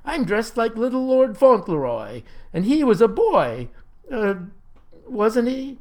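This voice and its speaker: A man's voice: sits high, very animated, measured pace, darkish tone. A man voicing a petulant, whiny young ex-convict who stammers when indignant. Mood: panicked whining.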